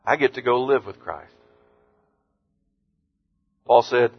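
A man preaching an earnest sermon as pastor, lifting his voice on scripture quotes and dropping low and soft on words of comfort. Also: slow, long pauses, breathy edge. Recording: muffled sound with long hall reverb.

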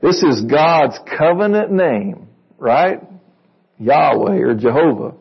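A man's voice: medium pitch, expressive, slow pace, creaky, breathy edge, lo-fi sound. A man preaching a sermon to a congregation in a conversational way, reading verses and asking them questions. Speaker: pastor.

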